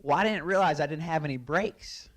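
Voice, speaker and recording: A man's voice: a little high, a little fast. A man, a racing driver, telling an anecdote, laughing often as he goes. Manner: animated, laughs through his story. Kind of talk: storytelling anecdote.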